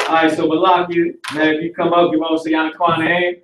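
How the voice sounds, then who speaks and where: A man's voice: fairly high pitch, completely flat delivery, fast talker, background noise. A man teaching a live online class in a casual, slangy lecturing manner. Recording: echoey and distant from the mic.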